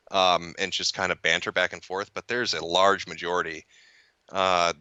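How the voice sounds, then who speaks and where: Male commentator, low-pitched with a sharp, bright tone, casual profane rambling, dry close sound. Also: smooth, no room sound. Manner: rambling, profane, frequent restarts. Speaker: internet video commentator. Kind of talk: casual podcast chat.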